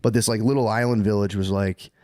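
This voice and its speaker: A man's voice: fairly even intonation, a little fast, a little mellow, dry recording, clean studio sound. A man co-hosting a comedy podcast, casually retelling history in rambling slang, dropping his voice to act out the people he quotes. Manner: rambling storyteller, slangy, acts out quotes in a lowered voice. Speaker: podcast co-host.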